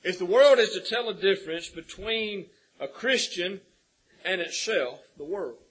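Male preacher, husky, higher voice, sermon delivery with rising emphasis. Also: lively intonation, unhurried, fairly bright tone, poor audio. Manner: preaching with rhetorical questions and swelling emphasis. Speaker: pastor.

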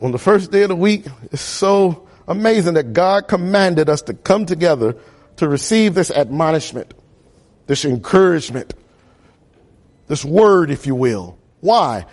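High-voiced man preaching with emphatic cadence. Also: expressive, unhurried. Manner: emphatic, repetitive cadence, rising to loud peaks. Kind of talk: sermon.

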